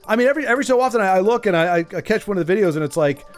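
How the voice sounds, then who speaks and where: Animated joking male game streamer. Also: high voice, very fast, soft background music. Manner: joking, rambling, chats with viewers. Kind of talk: casual live-stream chat.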